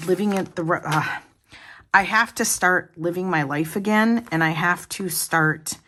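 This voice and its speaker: A woman's voice: fairly low pitch, measured pace, a bit bright, a little hiss or hum. A woman vlogger chatting casually to her viewers, rambling along with many restarts and asides. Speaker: planner vlogger.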